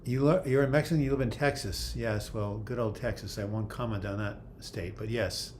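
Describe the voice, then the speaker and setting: A man's voice: fairly low pitch, fairly even intonation, normal speed, a little mellow, a little hiss or hum. An older man hosting a casual livestream, reading viewer comments aloud and answering them in a chatty way. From United States. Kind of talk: casual live chat.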